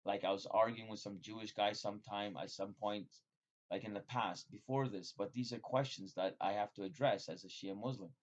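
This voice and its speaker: Rambling, profane man on a dull recording. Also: fairly quick. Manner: profane, digressive, with sudden excited jumps in pitch and loudness. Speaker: vlogger. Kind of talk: rambling casual monologue. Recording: dull lo-fi sound.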